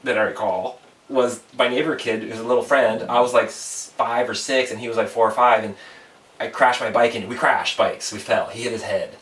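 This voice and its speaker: A man's voice: mid-range voice, fairly even intonation, fairly quick, fairly bright tone, roomy sound, distant mic. A man hosting a casual podcast chat, rambling through stories and laughing often. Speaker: podcast host.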